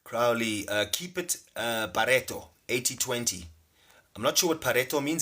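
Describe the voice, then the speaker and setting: A man's voice: medium pitch, moderate pace, bright, forceful tone. A man giving a casual spiritual talk on a livestream, reading out viewers' names and often asking "see?" to press his points. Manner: loose, emphatic, keeps asking "see?". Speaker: spiritual teacher and livestream host. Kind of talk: casual livestream teaching with chat shout-outs.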